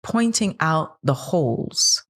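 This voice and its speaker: Low-voiced earnest woman in her thirties. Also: animated, slow pace, slightly rough. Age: 30s. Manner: earnest, questioning, builds up in passion. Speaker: podcast co-host. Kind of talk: casual chat.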